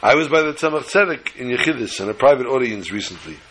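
A man's voice: mid-range voice, lively intonation, fast, fairly bright tone, slight background noise, pitched below the performer's own voice, natural voice, poor audio. A man voicing a resourceful, determined merchant who speaks earnestly and insistently. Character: resourceful male Jewish merchant, calm and determined.

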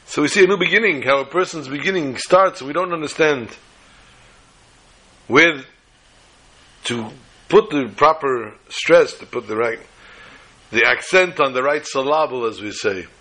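Husky animated rabbi teaching. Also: male voice, fairly high pitch, moderate pace, long pauses. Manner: animated storyteller, acts out quoted voices, mixes Hebrew terms. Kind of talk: Torah class with storytelling.

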